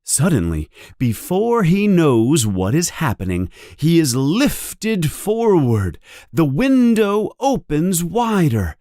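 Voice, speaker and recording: Slow, expressive male storybook narrator. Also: on the high side, dry recording, clean studio sound. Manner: clear, deliberate, expressive storytelling. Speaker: audiobook narrator.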